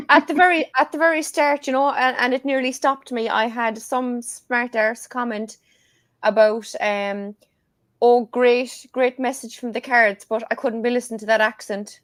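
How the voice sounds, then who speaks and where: A woman's voice: a little high, steady tone, moderate pace, no room sound. A woman with a Cork Irish accent, chatting as a guest and telling stories with plenty of laughs. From Ireland. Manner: chatty storyteller, laughs often. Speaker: guest tarot reader. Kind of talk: casual chat.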